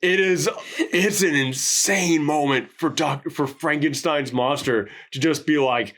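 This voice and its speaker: A man's voice: on the high side, measured pace, fairly bright tone. A man co-hosting a casual movie review podcast, acting out quotes from the film in dramatic voices. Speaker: podcast co-host.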